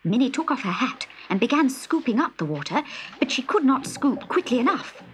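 A woman narrating a children's storybook with an expressive, animated reading. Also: sits high, fairly quick. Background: background music.

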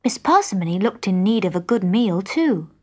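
A woman narrating a children's storybook in an expressive, measured way. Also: medium pitch. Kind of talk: storybook reading.

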